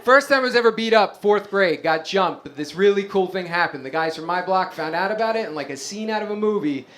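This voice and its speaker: Wry high-voiced stand-up comedian. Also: male voice, a little fast. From Staten Island, New York. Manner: wry, deadpan asides, many fillers. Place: comedy club stage.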